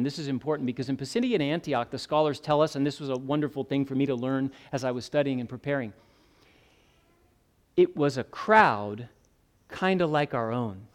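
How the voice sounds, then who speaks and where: Man preaching an expository sermon. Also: fairly high pitch. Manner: expository preaching, conversational asides, rising emphasis. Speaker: pastor.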